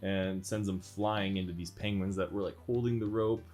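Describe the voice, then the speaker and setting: A man's voice: sits low, steady tone, a little mellow. A man co-hosting a podcast, recapping a cartoon episode in casual chat, laughing often and acting out lines. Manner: laughs often, acts out character lines in quick put-on voices. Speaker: podcast co-host.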